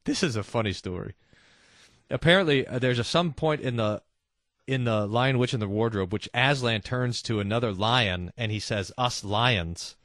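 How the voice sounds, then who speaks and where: A man hosting a casual religious talk show, reading listener quotes and mimicking people in quick asides. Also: mid-range voice, no echo, studio quality. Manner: animated, mimics voices in asides. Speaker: host.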